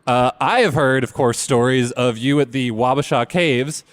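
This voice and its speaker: A man's voice: mid-range voice, normal speed, dry recording. Dry-sounding male podcast host. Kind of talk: casual interview questions.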